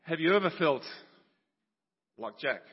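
A male preacher giving a sermon, telling a story and explaining scripture, dropping quieter and slower on key words. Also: a little high, expressive, slightly rough. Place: church. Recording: dull sound with long church reverb.

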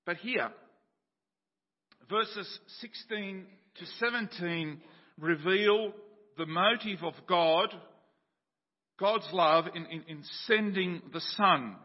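A male preacher giving a sermon, telling a story and explaining scripture, dropping quieter and slower on key words. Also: high voice. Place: church. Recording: dull sound with long church reverb.

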